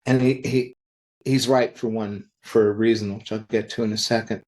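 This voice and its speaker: A man who works in comics, telling anecdotes in a podcast interview, acting out the quoted lines in lively voices. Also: lowish voice, moderate pace. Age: older. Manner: animated anecdotal storytelling, acts out quoted dialogue. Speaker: interview guest, comic creator.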